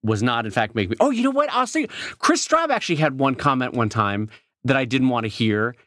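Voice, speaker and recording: A man co-hosts a podcast, chatty and playful, tossing in quick asides. His voice swings widely in pitch as he talks. The recording is close and completely dry. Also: sing-song, fairly bright tone, no echo. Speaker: podcast co-host. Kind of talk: casual chat.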